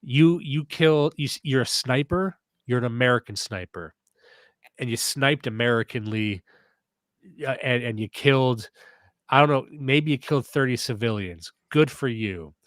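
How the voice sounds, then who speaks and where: A man's voice: medium pitch, normal speed, no echo. A man hosting a comedy podcast, riffing sarcastically in a casual rant and reading posts aloud in mock voices. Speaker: podcast host.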